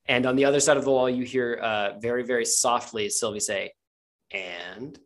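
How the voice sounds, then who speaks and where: A man's voice: medium pitch, brisk. Laid-back male game master. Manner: relaxed, joking, full of fillers. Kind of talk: narrating a tabletop game.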